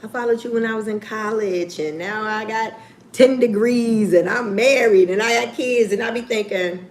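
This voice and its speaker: A woman chatting casually on a livestream, candid and profane, with lively swings in her voice. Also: fairly high pitch, moderate pace. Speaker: YouTuber.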